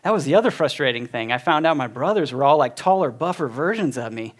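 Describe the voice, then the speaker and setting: His pitch is medium, his intonation lively, and his pace quick. The speaker, a man in his forties, is sharing a personal testimony with his church community, telling his story warmly and conversationally with many fillers.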